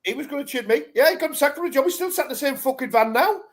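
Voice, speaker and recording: Brief: man, high voice, co-host, crude laughing banter. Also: expressive, very fast, slight background noise. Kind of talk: casual chat.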